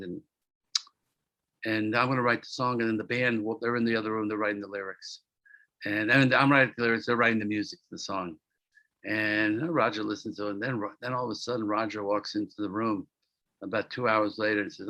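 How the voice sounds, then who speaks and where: A man's voice: mid-range voice, fairly even intonation, a little fast, pushed and bright, no echo, poor audio. A man being interviewed as an entertainment producer, talking casually and telling rambling stories with repeated words and acted-out quotes.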